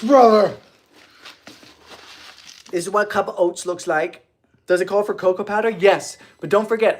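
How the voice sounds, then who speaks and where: A man's voice: fairly high pitch, slight background noise. A man hosting a casual baking livestream from his home kitchen, chatting playfully, reading viewer comments and bursting into goofy laughter. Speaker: baking show host.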